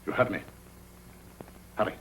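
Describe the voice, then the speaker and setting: An actor playing a sinister male mastermind in a 1940s film, with a very deep, gravelly voice and a curt, commanding manner. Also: a little slow, a bit bright, slight background noise, close to an everyday voice, low-quality recording.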